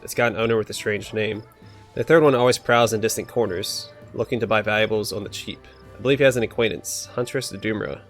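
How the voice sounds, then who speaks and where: A man's voice: on the low side, natural voice. A man reading out the lines of an earnest, proud male dwarf smith in a video game, in a plain read-aloud way.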